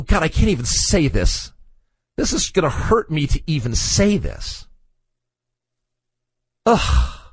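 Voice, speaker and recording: A man's voice: fairly high pitch, breathy edge, no room sound. A man hosting a radio talk show, chatting casually in a wry, opinionated way with chuckles and asides. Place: radio studio.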